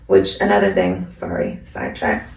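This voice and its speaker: A woman's voice: rumbling low, moderate pace, vocal fry, darkish tone. A woman casually recapping an anime episode in a slangy, rambling way, full of "like" fillers. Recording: roomy, from a distance.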